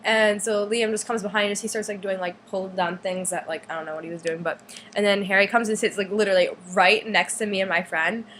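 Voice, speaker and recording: Excited rambling teenage girl storyteller. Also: mid-range voice, a little fast, a little hiss or hum. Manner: excited, rambling, frequent "like" fillers. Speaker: vlogger. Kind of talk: casual storytelling.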